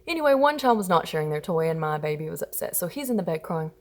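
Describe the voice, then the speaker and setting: A woman in her thirties, a mother talking casually about parenting and telling expressive stories about her kids. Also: sits low, fast. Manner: chatty and expressive, acting out her children's whiny voices. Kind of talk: casual storytelling advice.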